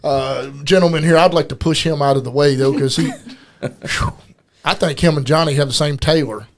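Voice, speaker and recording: A man's voice: a little high, fairly even intonation, moderate pace. A man, hosting a wrestling promo chat, teasing his co-hosts and hyping an event. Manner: teasing, hype-building. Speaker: wrestling promotion president and host.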